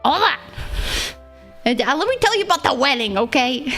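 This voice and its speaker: A woman's voice: high-pitched, sing-song, unhurried, a bit bright, faint music behind. A young woman streamer telling a story to her live chat in a casual, rambling way, giggling often and joking about herself. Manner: giggly and rambling, laughs often between phrases; self-deprecating, playful. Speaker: VTuber streamer.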